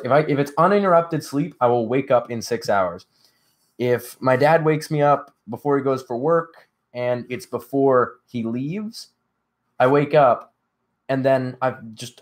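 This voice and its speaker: A sleepy young man hosting a casual live stream, rambling with lots of fillers and answering chat. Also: medium pitch. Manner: rambling, filler-heavy, reads chat aloud. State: sleepy, yawning. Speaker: livestream host.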